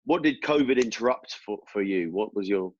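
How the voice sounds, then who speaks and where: A man's voice: fairly low pitch, animated, a little fast, a little mellow, slightly rough, dry recording. A man hosting a music interview, chatty and laughing along with his guest. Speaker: host. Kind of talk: casual interview over video call. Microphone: video call. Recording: dry, dull lo-fi call audio.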